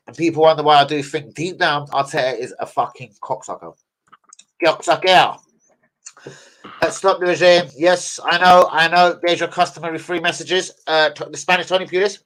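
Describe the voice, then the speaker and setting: A young man, hosting a football fan channel and ranting in casual, heavily sworn, animated commentary. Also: fairly high pitch. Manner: sweary, animated, keeps saying "bruv" and "do you know what I mean".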